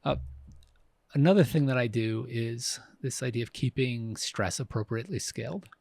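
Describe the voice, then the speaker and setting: A man in his fifties co-hosts a podcast in casual conversation, speaking reflectively at a moderate pace. His medium-pitched voice is gravelly and darkish, recorded with no echo, and he often restarts sentences and uses fillers.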